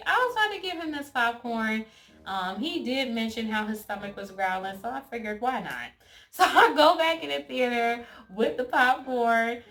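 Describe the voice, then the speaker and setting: A young woman vlogger casually telling a funny dating story straight to her viewers, chatty and animated. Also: a little high, moderate pace, faint music behind. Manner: chatty and animated, quotes others in lively asides.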